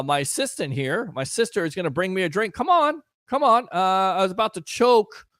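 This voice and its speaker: A man's voice: on the high side, a bit bright, no room sound, studio quality. A man hosting a casual sports talk show, riffing sarcastically and chatting with listeners.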